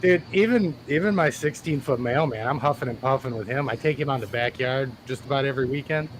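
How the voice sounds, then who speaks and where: A man's voice: mid-range voice, fast, a little hiss or hum. A man chatting as a guest over a video call, easygoing and laughing between stories. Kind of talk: casual live chat.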